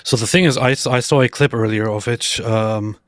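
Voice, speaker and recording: A man in casual livestream talk, recounting things loosely and stumbling over repeated words. His voice sits at an ordinary middle pitch. The recording is dry and close-miked. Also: fairly even intonation, brisk, no room sound.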